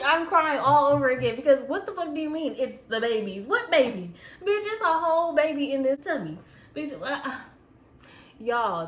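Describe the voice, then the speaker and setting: A young woman telling a personal story in a casual, profane, animated way, often breaking into laughter. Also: sits high. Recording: echoey room with faint ambience.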